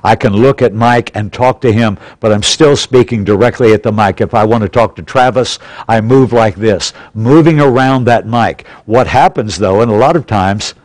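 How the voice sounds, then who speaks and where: A man's voice: fairly low pitch, moderate pace, hardly any pauses, darkish tone, no room sound, low-quality recording. A man teaching a practical church class in an auditorium, plainly and instructively, repeating his key points. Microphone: stationary pulpit mic.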